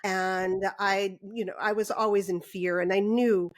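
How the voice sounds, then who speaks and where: A woman's voice: medium pitch, fairly even intonation, unhurried. A woman hosting an interview, sharing personal experiences in a heartfelt, reflective way. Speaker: podcast host.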